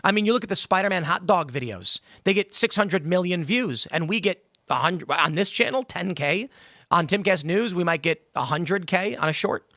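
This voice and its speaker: A man hosting a talk show, arguing forcefully in a heated studio debate. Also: sits high, animated, normal speed, no echo. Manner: forceful, argumentative, acts out voices in anecdotes. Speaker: host.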